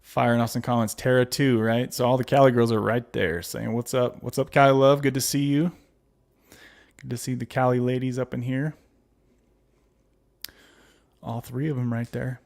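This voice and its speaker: A man's voice: mid-range voice, steady tone, normal speed, gravelly, long pauses, a little mellow. Chatty man hosting a recovery livestream. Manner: reads viewer comments aloud and answers them; chatty with frequent fillers and laughs. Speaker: livestream host. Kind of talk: casual livestream chat reading comments.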